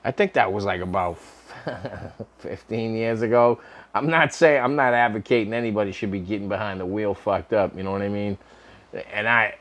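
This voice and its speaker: This middle-aged man's voice sits on the low side and moves at a normal speed as he casually recounts something personal to the camera. His delivery is animated and profane, broken up by frequent laughter.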